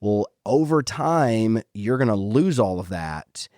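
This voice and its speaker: Male podcast host, low pitch, dry close sound, easygoing conversational. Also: expressive, slow, darkish tone, dry recording. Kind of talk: casual conversational interview.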